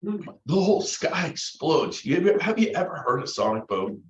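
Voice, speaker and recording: A middle-aged man giving a lively motivational talk to real estate agents, acting out quotes in different voices. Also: fairly high pitch, normal speed, slight background noise. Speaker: motivational speaker. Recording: roomy, dull lo-fi room recording.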